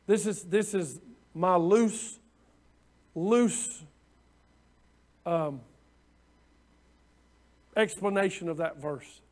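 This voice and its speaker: A middle-aged man delivers a sermon with a notably high-pitched voice. His preaching is folksy and conversational, circling back on his own phrases as he talks to the congregation like neighbors. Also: drawn-out words, long pauses. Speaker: pastor.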